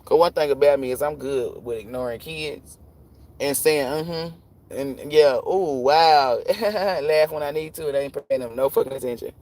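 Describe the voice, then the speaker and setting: A man's voice: on the high side, normal speed, a little mellow. Profane, laughing man telling stories live. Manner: profane, laughing storyteller who acts out quoted voices. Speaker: tarot reader hosting a livestream. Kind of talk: casual livestream chat.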